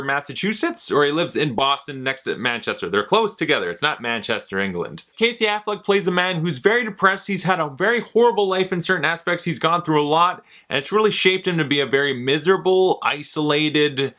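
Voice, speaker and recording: A man's voice: a little high, a little fast, few pauses, pushed and bright. A young man giving a casual, chatty movie review, with sarcastic asides and offhand swearing.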